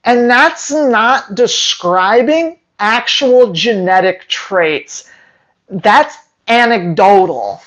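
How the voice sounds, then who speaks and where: A man's voice: high voice, animated, extremely slow, a bit bright, low-quality recording. A dog trainer talking to his viewers in a casual, sarcastic rant, with emphatic, rambling delivery. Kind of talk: casual opinion rant to camera.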